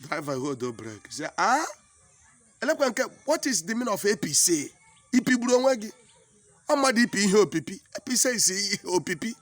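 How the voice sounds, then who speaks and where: A man from Nigeria with a Nigerian accent and an Igbo mother tongue, telling a comic story in pidgin English, animated and exclaiming, often repeating himself. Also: high voice, a little fast, no room sound.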